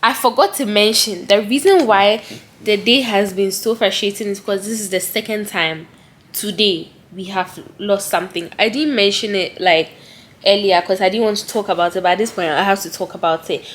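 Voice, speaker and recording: A woman's voice: medium pitch, moderate pace, fairly bright tone, a little hiss or hum. Chatty young woman vlogging to a phone. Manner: chatty, heavy on "like" fillers, heartfelt. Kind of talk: casual vlog talk to camera. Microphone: handheld phone camera.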